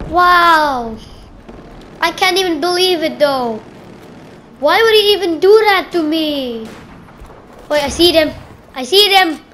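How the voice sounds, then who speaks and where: A woman with a very high, bright voice talks through her gameplay in an excitable, playful way. She keeps to an unhurried pace and breaks into loud exclamations at the action. She calls other players "bro". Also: slight background noise. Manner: excitable, exclaiming at game events. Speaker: gamer. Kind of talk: gameplay commentary.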